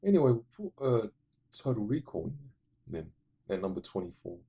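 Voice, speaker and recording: A man's voice: lowish voice, sing-song, moderate pace, gravelly, warm tone, slightly rough, dull audio. A man casually retelling a movie plot for his film-ranking vlog, digressive, blunt and profane. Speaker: movie list vlogger.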